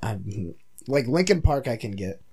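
A man's voice: mid-range voice, sing-song, moderate pace, mellow, slightly rough. A young man, rambling through a story in casual chat and swearing freely.

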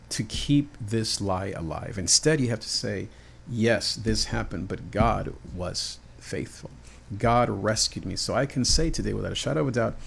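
A man's voice: on the low side, creaky, slightly rough. A man preaching a heartfelt devotional sermon on his podcast in an earnest manner.

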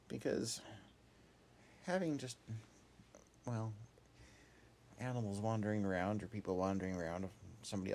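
Gravelly, lively male storyteller. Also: lowish voice, a little hiss or hum. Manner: meandering, casual, with many asides and fillers. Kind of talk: improvised children's story narration.

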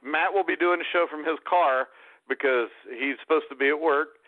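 A man's voice: a little high, normal speed, no room sound. A man co-hosting a sports talk podcast, rambling and playing up mock self-pity as he banters with his friends. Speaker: podcast co-host. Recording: tinny phone-like dry line.

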